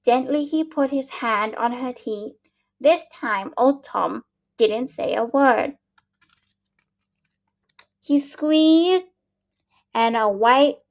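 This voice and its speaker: A woman reading a children's picture book aloud, slowly and patiently, with small slips and restarts. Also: a little high. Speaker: storyteller. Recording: dull lo-fi recording.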